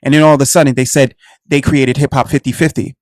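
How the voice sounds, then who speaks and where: A man's voice: medium pitch, level tone, fast talker, no echo, studio quality. Preachy man with a Black American accent. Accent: Black American English. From United States. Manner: preachy, addresses listeners as family. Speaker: radio show host. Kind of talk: impassioned monologue.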